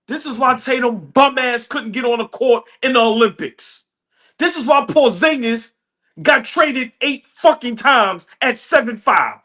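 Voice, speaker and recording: A man co-hosting a sports podcast, celebrating a win with boastful, animated talk and frequent laughter. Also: very high-pitched, measured pace. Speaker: podcast co-host. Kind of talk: excited post-game sports talk.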